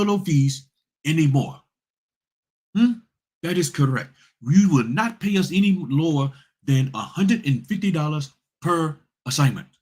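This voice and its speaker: A man voicing a stern, demanding male notary spokesman who makes slow, emphatic, formal declarations. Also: a little high, a little mellow, breathy edge, pitched above the performer's own voice, exaggerated voice.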